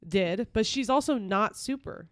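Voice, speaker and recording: A woman's voice: medium pitch, animated, dry recording, studio quality. A woman co-hosting a podcast in casual chat, opinionated and teasing. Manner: opinionated, teasing, quick to mock. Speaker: podcast co-host.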